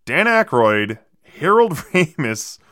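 A man's voice: fairly high pitch, big pitch swings, slow pace, fairly bright tone, no echo, studio quality. A man hosting a casual movie podcast, reeling off trivia in a wry, sardonic way with plenty of fillers.

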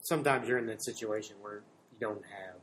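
A man's voice: lowish voice, a bit bright, slight background noise, low-quality recording. A man asking questions in a conversation, often restarting as he shapes them. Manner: halting, restarts while framing questions.

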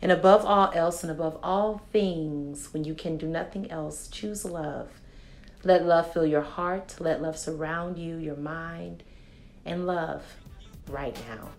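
A woman podcast host guiding a slow, soothing meditation with affirmations, then giving the show's closing. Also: low voice, steady tone, slight background noise. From Texas. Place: studio with a live audience.

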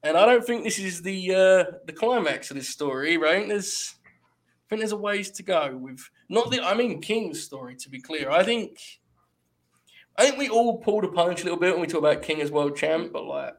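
A fairly high-voiced man hosts a loose, casual review podcast. He talks with lively energy, swears freely and breaks into laughter often. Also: moderate pace. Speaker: podcast host. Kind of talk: casual wrestling review chat.

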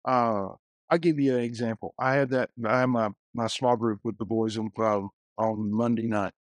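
A man, a guest minister, telling lively stories in a casual podcast conversation, full of restarts and acted-out quotes. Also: mid-range voice, moderate pace, no echo. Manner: storytelling, animated quotes, many restarts.

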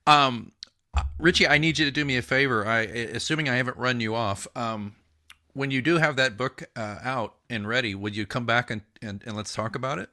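A man from the United States hosting a podcast interview, talking in an animated, emphatic way and laughing easily. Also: mid-range voice, fairly quick. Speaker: podcast host. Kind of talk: casual interview chat.

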